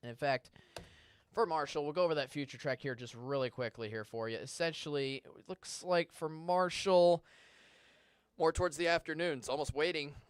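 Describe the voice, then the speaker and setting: A man's voice: on the high side, normal speed, smooth, dry recording. A male TV meteorologist in a studio, answering viewer questions in a live, conversational weather broadcast and sometimes stumbling over words. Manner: stumbles and restarts when searching for words. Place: TV station studio.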